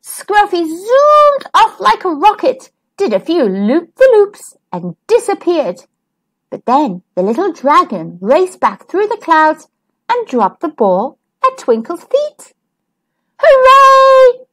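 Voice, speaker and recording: A woman reading a children's picture book aloud as a storytime host, gentle and expressive. Her voice is high and animated, rising and falling over a wide range. She reads at an unhurried pace. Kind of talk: children's read-aloud narration.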